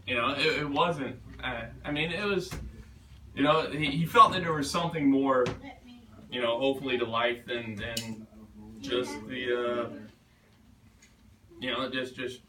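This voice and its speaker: A man, the author, answering questions at a bookstore reading, halting and restarting often and laughing easily. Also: mid-range voice, crowd noise. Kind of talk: casual Q&A at a book reading. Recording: roomy distant live recording.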